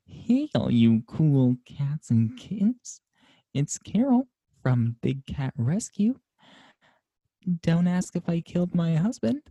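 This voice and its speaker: A man's voice: a little high, big pitch swings, slow pace, warm tone, slightly rough, no room sound, voice pushed up, heavily acted, low-quality recording. A man doing a drawling, sing-song big-cat sanctuary lady. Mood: breezy. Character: breezy middle-aged woman big-cat sanctuary owner.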